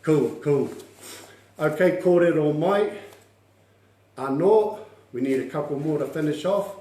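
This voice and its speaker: A man's voice: on the high side, a little slow, warm tone. Upbeat coaxing New man teaching. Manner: upbeat, coaxing, laughs often, drills words aloud. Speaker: language teacher. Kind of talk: online class teaching with gestures. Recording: echoey room.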